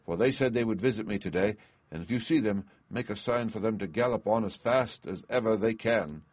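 A man's voice: lowish voice, a little fast, a little mellow, slightly rough, dry recording. A man voicing a terrified young wife, pleading and crying out in a raised voice. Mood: urgent. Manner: desperate, pleading.

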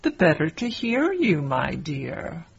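Sly muffled storybook wolf posing as granny, a lady doing the voice, breathy, kinda dull recording. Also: sits low, wildly swooping pitch, takes it slowly, full character voice. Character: sly wicked male wolf disguised as grandmother.

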